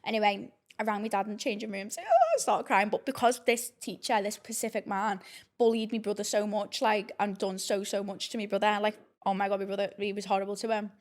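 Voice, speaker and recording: Fast-talking young woman. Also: medium pitch, flat delivery. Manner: frank, heavy swearing, rambling with many fillers. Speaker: podcast host. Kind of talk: casual storytelling podcast.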